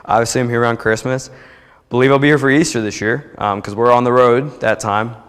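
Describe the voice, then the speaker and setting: Speaking fairly quickly with fairly even intonation, a young New Jersey man gives a heartfelt testimony at a church service, chatty and rambling with frequent restarts. His mid-range voice is a bit bright, clear and resonant, echoing with the long reverb of the sanctuary hall.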